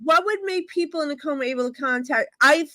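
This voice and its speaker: Brisk and high-voiced, this psychic medium chats casually through stories on a live stream video call, blunt and full of energy. She performs both halves of each exchange, captured in a dry recording.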